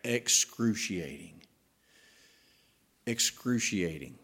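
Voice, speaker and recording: A man preaching a sermon as pastor, swinging between emphatic rising passages and hushed slow phrases to stress key words. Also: on the low side, lively intonation, husky.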